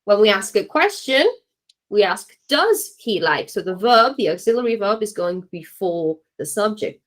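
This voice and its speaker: A woman leads an exam-prep language class in a clear mid-range voice. She explains things patiently and encouragingly and keeps checking that the students are following. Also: medium pitch, animated, normal speed, low-quality recording. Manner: encouraging, checks understanding with frequent "okay?". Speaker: English teacher.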